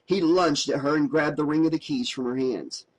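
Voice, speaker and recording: A man reads a horror novel aloud as an audiobook, in a voice set a little high for a man. His narration moves at a steady, dramatic storytelling pace. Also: normal speed, poor audio.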